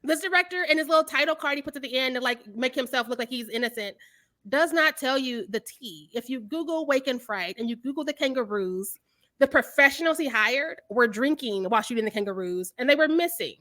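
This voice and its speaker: A young adult woman chatting as a podcast guest, telling stories with animated quoted voices and frequent laughter. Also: sits high, brisk. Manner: animated storytelling, acts out quotes, laughs often. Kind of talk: casual chat.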